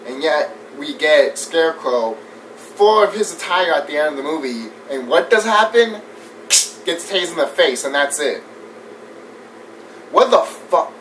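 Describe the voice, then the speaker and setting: A man giving a casual, animated movie review rant. He swears often, laughs a lot and mimics scenes as he talks. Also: fairly high pitch, normal speed. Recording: distant mic with faint background noise.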